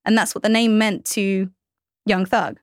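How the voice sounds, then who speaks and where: A woman co-hosting a casual legal discussion, quick and questioning, laughing easily. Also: mid-range voice, fairly even intonation, no room sound, clean studio sound. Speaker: podcast co-host.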